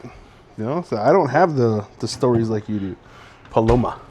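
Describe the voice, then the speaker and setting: A man's voice: medium pitch, animated, normal speed, a little mellow, breathy edge. A young man co-hosting a podcast in laid-back casual chat, often saying "bro". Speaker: podcast co-host.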